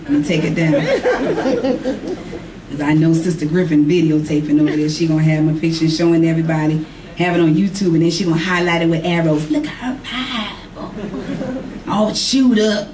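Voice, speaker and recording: A woman preaching, her voice climbing to high emphatic calls and dropping to low conversational asides. She is heard from a distance in an echoey church with a faint hiss underneath. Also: level tone, quick pace, warm tone. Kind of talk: sermon to a congregation. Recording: echoey room from far off, faint noise.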